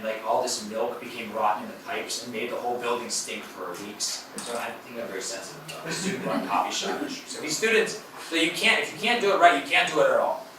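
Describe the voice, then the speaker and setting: A man, a university professor, giving an academic lecture in a hall in a conversational way, with fillers and self-corrections. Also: medium pitch. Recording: very echoey hall, voice from a distance, faint noise.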